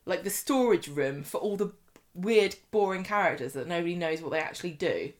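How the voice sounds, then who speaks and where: A woman co-hosting a casual podcast chat, animated and laughing often, often trailing off mid-sentence. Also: on the low side, brisk. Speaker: podcast co-host. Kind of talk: casual chat about a soap.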